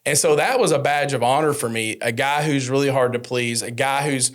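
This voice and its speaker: A man talks shop on a business podcast, mid-range in pitch and loose in delivery. He tells stories with energy and jumps up in pitch whenever he acts out what customers and friends said. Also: brisk. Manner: animated storyteller, acts out quotes with rising pitch. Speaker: podcast host. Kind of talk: casual business podcast chat.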